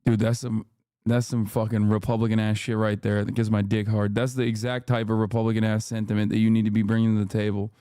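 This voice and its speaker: Profane, ranting male streamer with smooth voice. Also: on the low side, fast talker, no echo, studio quality. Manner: animated, profane, sarcastic ranting. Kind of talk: live stream commentary.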